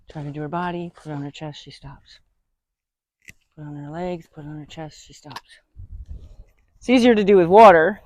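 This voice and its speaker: A horse trainer outdoors, describing a training session and talking to the horse in a soothing way, with gentle, repeated reassurances. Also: medium pitch.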